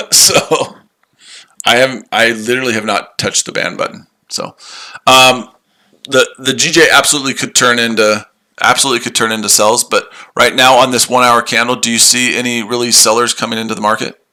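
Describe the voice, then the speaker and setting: Male trading streamer, tired and mocking, bright tense tone. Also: medium pitch, fairly even intonation, brisk. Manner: sarcastic, repetitive, combative. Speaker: trading livestream host. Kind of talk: live trading stream, answering chat.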